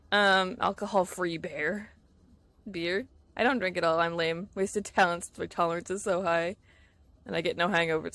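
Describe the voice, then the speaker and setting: Chatty woman streamer with vocal fry. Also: medium pitch, fairly quick, a bit bright. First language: English. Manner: chatty, giggly, easily distracted. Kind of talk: casual gameplay chat with viewers.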